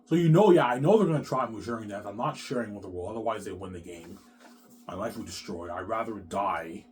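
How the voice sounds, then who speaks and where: A man with a lowish voice delivers a long, rambling monologue to his viewers. He swears often, circles back to the same points and keeps restarting his sentences. A faint background hum sits under the recording. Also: fairly quick. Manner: rambling, repetitive and profane, with frequent restarts. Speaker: vlogger.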